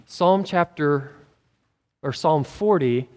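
High-voiced preacher in a reverberant hall. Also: male voice, slow, darkish tone. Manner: earnest, conversational storytelling. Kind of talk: sermon.

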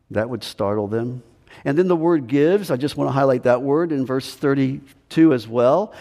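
Male pastor, mid-pitched, emphatic sermon delivery, long hall reverb. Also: moderate pace, warm tone. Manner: emphatic preaching, repeats key phrases. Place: church sanctuary.

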